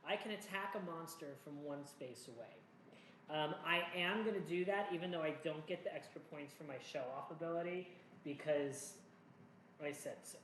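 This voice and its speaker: A man's voice: on the high side, moderate pace, fairly bright tone. Chatty man narrating a board game, echoey room. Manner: chatty, rambling, jokey asides to himself. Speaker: board game player and host. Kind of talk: solo board game playthrough commentary. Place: home room. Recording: echoey room with faint noise.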